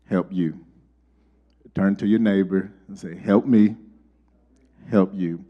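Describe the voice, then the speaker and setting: A middle-aged man delivers a sermon in a mellow, relaxed voice, easing into folksy stories about family. He lifts his voice when he acts out conversations. The recording sounds slightly dull, like a lo-fi church capture. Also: deep voice. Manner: folksy storytelling, rising animated for quoted dialogue. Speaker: preacher.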